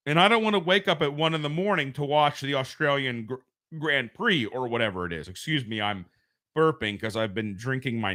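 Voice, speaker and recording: Hosting an informal live stream from home, an American man speaks in a fairly high, sharp voice. His talk is rambling and conversational, full of self-corrections, and is captured on a home streaming microphone.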